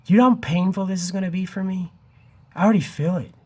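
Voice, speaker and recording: His voice sits high but has a dark tone, and he talks at a quick pace. This man in his fifties makes an impassioned vlog straight to camera, pleading with viewers on the verge of tears, voice wavering, peppering his words with "dude" and "man."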